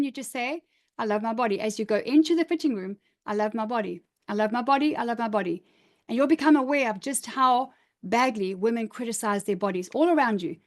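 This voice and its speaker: A middle-aged woman coaching a live online workshop, upbeat and emphatic, encouraging participants as she reads out their comments. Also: a little high. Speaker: image coach.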